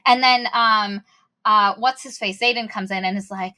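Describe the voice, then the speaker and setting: A woman co-hosting a podcast, chatting casually about a book, animated and swearing freely while acting out the characters. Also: mid-range voice, moderate pace. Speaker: podcast co-host. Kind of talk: casual book-critique chat.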